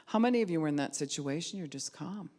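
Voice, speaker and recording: A woman pastor preaching a sermon, retelling a scripture story with lively voices for its figures and rising to loud cries at its peaks. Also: low voice, quick pace.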